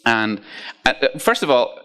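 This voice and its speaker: Lively, joking man. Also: mid-range voice, slow, clean tone. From Ireland. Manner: playful, jokey, lively storytelling with asides to the audience. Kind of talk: casual talk to a youth group.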